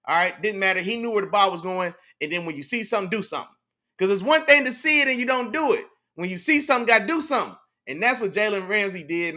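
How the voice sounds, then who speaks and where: A man hosting a casual sports talk show, animated and slangy, reacting to his live chat and breaking down plays. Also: high-pitched. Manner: animated, slangy, repeats "you know what I'm saying". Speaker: podcast host.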